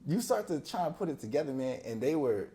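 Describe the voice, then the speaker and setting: Mellow-voiced young man telling stories. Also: on the high side, fast talker. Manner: animated storyteller who acts out friends' voices; laughs often while telling stories. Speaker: podcast guest. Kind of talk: casual storytelling interview.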